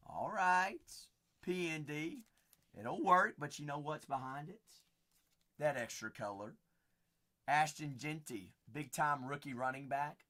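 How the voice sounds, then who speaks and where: A man's voice: a little high, expressive, takes it slowly, pushed and bright. A young man with a Southern Kentucky twang, hosting a live card-break stream with folksy, hyped sales banter.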